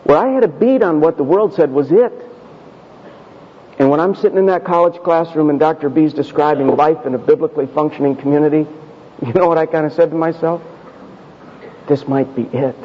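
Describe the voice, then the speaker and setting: A male pastor telling a personal story in a sermon, conversational and self-deprecating, slowing down for emphasis. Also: a little high, slight background noise. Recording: dull audio with long hall reverb.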